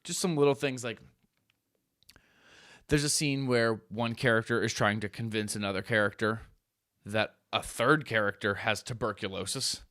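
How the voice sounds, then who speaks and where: Low-voiced man in casual podcast chat. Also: normal speed, no room sound, clean studio sound. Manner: animated storyteller, swears casually. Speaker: podcast co-host.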